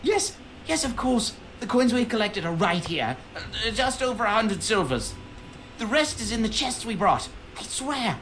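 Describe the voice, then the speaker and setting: An actress playing a smooth-talking female bandit leader in a video game. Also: a little high, very animated, measured pace, fairly bright tone, slight background noise. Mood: pleading. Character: sly female bandit leader posing as toll collector.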